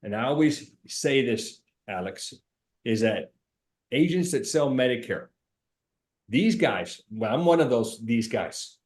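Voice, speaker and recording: A middle-aged man who owns an insurance agency, giving a casual sales training talk in an emphatic, animated way and repeating points for stress. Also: medium pitch, measured pace.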